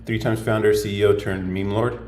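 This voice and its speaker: A man's voice: lowish voice, darkish tone, slight background noise. A man hosting a casual livestream, rambling and thinking aloud as he answers viewer comments. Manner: rambling, musing, thinks aloud with many fillers. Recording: roomy echo.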